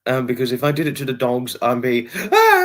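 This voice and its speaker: Guy rambling on his livestream, saying hi to chat folks, mid-pitched voice. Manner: chatty, rambling, greets viewers by name. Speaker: livestream host.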